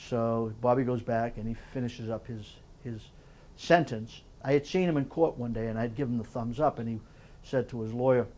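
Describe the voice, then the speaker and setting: An older man, an author speaking at a public library, tells a story in an animated way and often repeats words as he builds it. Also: medium pitch, normal speed. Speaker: author giving a library talk. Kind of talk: storytelling lecture.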